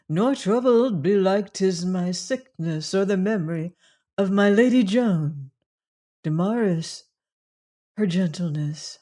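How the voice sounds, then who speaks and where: A reader voicing a fierce but wounded young woman who speaks softly and wearily in old-fashioned phrasing, for an audiobook. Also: mid-range voice, natural voice. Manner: soft, weary, archaic speech.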